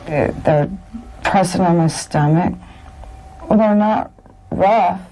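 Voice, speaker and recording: A young woman under hypnosis, describing what she sees in a halting, hesitant way. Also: on the low side, dark tone, low-quality recording. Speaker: hypnosis subject.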